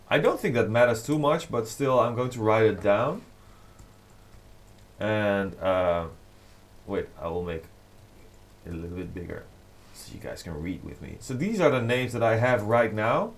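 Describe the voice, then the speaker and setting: Slow-talking male DJ on a livestream. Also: fairly low pitch. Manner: rambling, many fillers, reading fan comments aloud. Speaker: DJ and producer livestreaming to fans. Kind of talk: casual livestream chat.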